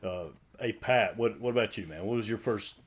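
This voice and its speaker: A middle-aged man co-hosting a casual podcast, affirming and quick to laugh along as he passes the turn to guests. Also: fairly low pitch, breathy edge. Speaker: podcast co-host. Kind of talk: casual chat, moderating.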